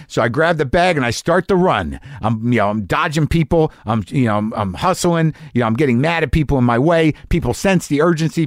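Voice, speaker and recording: A middle-aged man with a fairly high voice tells a long story in a casual monologue, ranting, swearing, mocking himself and acting out what people said. The recording is clean studio sound with no echo.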